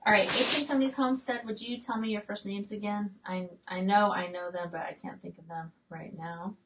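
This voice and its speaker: A woman's voice: medium pitch, fairly even intonation, fairly quick, a bit bright, distant mic, rough recording. A woman in her late forties hosting a casual live-stream chat from her homestead, reading out viewer comments with plenty of fillers and restarts. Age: late 40s. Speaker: homestead channel host.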